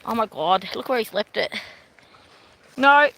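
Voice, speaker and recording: A woman's voice: on the high side, expressive, a little slow, gravelly, sharp tone, a little hiss or hum, poor audio. A middle-aged woman vlogging casually while walking her dogs outdoors, chatting to her viewers and turning to talk to the dogs now and then. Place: outdoors on a walk by water. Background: birds and dogs.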